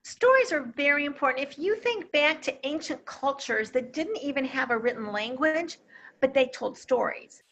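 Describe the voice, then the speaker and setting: A woman's voice: high-pitched, animated, normal speed, fairly bright tone, a little hiss or hum. A woman who works as a communication coach, speaking in an interview and making her points with emphatic examples. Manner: emphatic, quotes vivid examples. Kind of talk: interview conversation. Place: Akron, Ohio.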